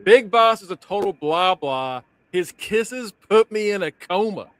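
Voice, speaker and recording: Animated man recapping a show. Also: high voice, measured pace, dry recording. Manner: animated, swearing, laughing often. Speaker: podcast co-host recapping the episode. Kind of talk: casual podcast chat.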